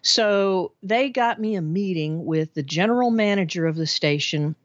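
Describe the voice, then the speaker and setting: A woman, a podcast guest telling her life story in a chatty, animated way with frequent laughs. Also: on the low side, moderate pace, no room sound, highs cut off. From Arkansas, USA. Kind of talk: casual storytelling interview.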